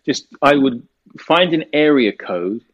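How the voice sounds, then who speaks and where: A British actor from the United Kingdom, giving an interview and telling stories in a rambling way, with many fillers. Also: male voice, medium pitch, animated, unhurried, muffled recording. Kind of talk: casual interview talk.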